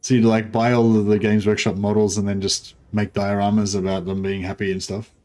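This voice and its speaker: A man's voice: on the low side, level tone, a little fast, a little mellow. A man casually commentating a livestream of a strategy game, rambling with many fillers and restarts. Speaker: streamer.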